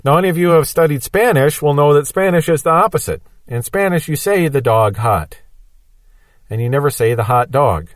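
A man's voice: on the high side, expressive, fairly quick, dry recording. Man patiently teaching Bible prophecy. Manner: patient explaining with everyday examples.

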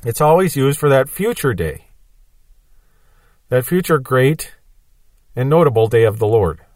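A man's voice: mid-range voice, animated, measured pace, darkish tone, dry recording. Man patiently teaching Bible prophecy. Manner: patient explaining with everyday examples.

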